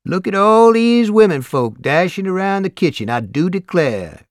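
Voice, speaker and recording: A man's voice: medium pitch, moderate pace, dry recording, clean studio sound, natural voice. A man voicing a charming young man who jokes in a mock-formal way in an audiobook. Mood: amused.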